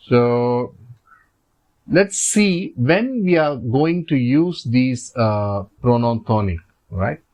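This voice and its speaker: A man with an Indian English accent teaching French grammar over slides, patient and repetitive, with many fillers. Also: mid-range voice. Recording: slightly dull lo-fi recording.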